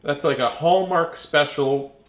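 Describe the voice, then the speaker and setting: A man's voice: fairly high pitch, a little slow. A man reading a picture book aloud, chuckling and adding chatty asides to the listeners. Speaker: storybook reader.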